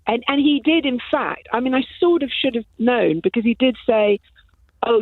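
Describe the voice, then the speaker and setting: Gravelly woman on a tinny phone line. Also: medium pitch, no echo. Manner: blunt, dryly matter-of-fact. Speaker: caller. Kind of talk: phone-in call.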